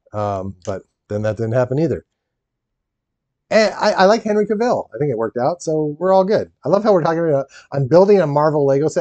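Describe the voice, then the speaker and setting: A man chatting on a live stream as he builds, his voice rising and falling in a lively, animated way. He rambles, laughs easily and talks back to his viewers. The sound is mellow, dry and slightly dull. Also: medium pitch, no echo. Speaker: streamer building a Lego set. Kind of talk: casual live-stream chat.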